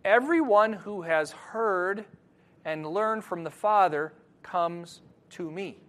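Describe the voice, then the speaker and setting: A man preaching a sermon to his congregation, moving between quiet scripture reading and loud, animated emphasis. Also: high-pitched, takes it slowly. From Wisconsin, USA. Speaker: pastor.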